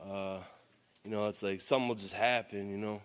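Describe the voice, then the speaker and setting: A man's voice: on the low side, steady tone, a little fast, fairly bright tone, clean tone. A man giving an emotional share at a recovery meeting, near tears, talking bluntly with lots of swearing, "you know" and "man". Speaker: member sharing at a recovery meeting. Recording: long hall reverb.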